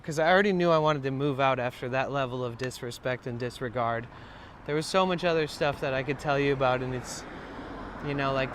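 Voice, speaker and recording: A man's voice: mid-range voice, a bit bright, slight background noise. A man livestreaming outdoors from his phone, chatting casually with viewers, telling a story and swearing. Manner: rambling storytelling, swears, reads chat aloud. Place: outdoors in a van trip setting.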